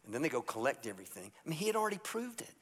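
Pastor preaching with lively storytelling. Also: male voice, medium pitch, very fast. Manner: storytelling, acts out biblical characters in a casual voice. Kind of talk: sermon. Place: church sanctuary. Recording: church hall reverb.

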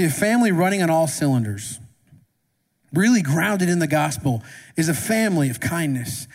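A man's voice: a little high, husky. A man preaching a sermon as pastor, talking conversationally and asking the congregation questions. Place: church sanctuary. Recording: long reverb of a church hall.

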